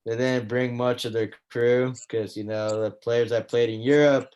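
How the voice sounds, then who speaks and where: A relaxed man co-hosting a sports podcast, voice sitting in a middle pitch. He talks loosely, drops the odd swear word and lets sentences trail off as he goes. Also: normal speed, smooth. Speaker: podcast co-host. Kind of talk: casual sports chat.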